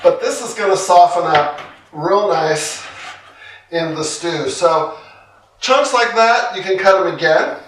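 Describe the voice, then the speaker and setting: A man co-hosting a cooking show, walking through a recipe in a relaxed, chatty way with folksy asides. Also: sits high, takes it slowly, a little hiss or hum. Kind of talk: casual cooking demonstration. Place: home kitchen. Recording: echoey kitchen, mic at a distance. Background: clattering dishes and cutlery.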